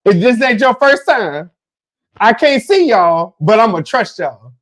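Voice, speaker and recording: Man, sports podcast host, fairly high voice, dry close mic, animated, joking, reads out viewer comments. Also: measured pace, dry recording. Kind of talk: casual sports podcast chat.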